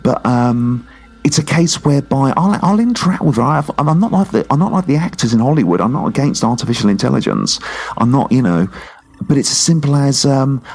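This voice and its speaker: A man reviewing films in a casual podcast chat, rambling and jokey, his voice going hoarse. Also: mid-range voice, darkish tone. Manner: rambling and jokey, talking like a pirate cockney. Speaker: film reviewer.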